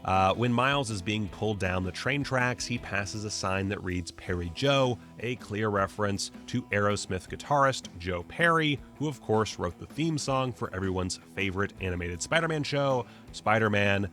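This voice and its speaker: A man's voice: fairly low pitch, lively intonation, moderate pace, hardly any pauses, fairly bright tone. Chatty, joking man over faint music. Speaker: film video host. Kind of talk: casual pop-culture video commentary.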